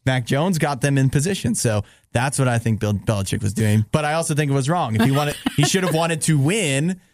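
A man's voice: medium pitch, a little fast, no echo. Joking radio guy chatting, opinionated, dry close mic. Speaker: radio co-host. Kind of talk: casual chat.

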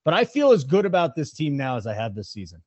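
A man hosting a casual sports talk show, opinionated and brisk as he weighs odds and teams. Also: fairly high pitch, big pitch swings, darkish tone, no room sound, lo-fi sound. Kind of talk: casual sports radio chat.

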